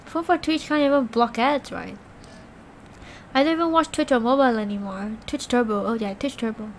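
A woman live-streaming, chatting loosely with her viewers and rambling through her stories with plenty of filler words. Her voice sits a little high. A faint noise runs under the recording. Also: normal speed. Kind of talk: casual live-stream chat.

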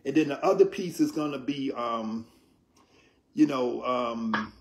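A man teaching about yoga in an interview, in a measured, explanatory way, often checking in with "right?". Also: mid-range voice. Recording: roomy echo.

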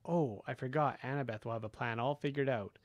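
A man playing a blunt, curious teenage boy who asks quick, wry questions. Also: mid-range voice, dry recording, lightly acted.

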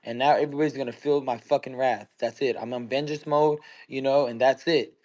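A man's voice: medium pitch, steady tone, fairly quick, darkish tone. A young man in his twenties hosting a casual online chat, brash and heated, swearing constantly. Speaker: host of the audio chat room.

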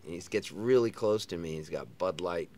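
A man's voice: low voice, normal speed. A middle-aged man, a touring singer-songwriter, telling stories in a casual interview and acting out other people's voices as he goes. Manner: animated storyteller who sings and acts out other people's lines. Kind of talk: casual storytelling chat.

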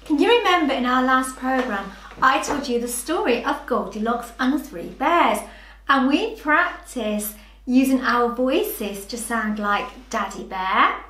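Slow, gentle teacher for little children. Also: female voice, on the high side, reverberant. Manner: gentle, encouraging, sounds words out slowly. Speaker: early years teacher. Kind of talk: slow, clear children's lesson.

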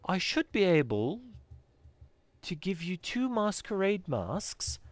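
A man putting on a chirpy female game shopkeeper, attempted British accent, sing-song high voice, swoops around a lot. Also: sing-song, slow pace, dry recording, heavily acted. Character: chirpy female costume shopkeeper, eager seller.

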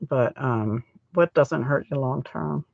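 A woman's voice: extremely low pitch, takes it slowly, gravelly, husky, no room sound, phone-quality sound. Chatty middle-aged woman with scratchy throat. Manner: rambling, chatty, narrates her crafting steps. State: scratchy throat, recovering from a cold. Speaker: craft channel host. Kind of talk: chatty live crafting stream.

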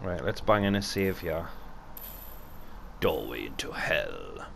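A man's voice: low-pitched, very animated, slow, gravelly, a bit bright, slight background noise. A young Geordie man giving joking, chatty game commentary with casual swearing, talking into a desk mic. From North East England. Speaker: gaming YouTuber.

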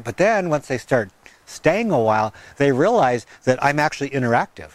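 A man's voice: on the high side, expressive, brisk. A man hosting a gardening vlog in a windy garden, rambling and chatty, laughing at himself. He talks into a wireless mic with a fuzzy windscreen. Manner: sing-song baby talk to his dog. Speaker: gardening channel host. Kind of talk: casual outdoor vlog.

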